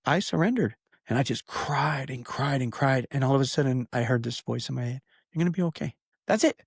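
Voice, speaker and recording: A man co-hosting a podcast tells a personal story in casual chat, earnest and rambling, with lots of fillers and restarts. His mid-range voice comes through with studio quality and no room sound.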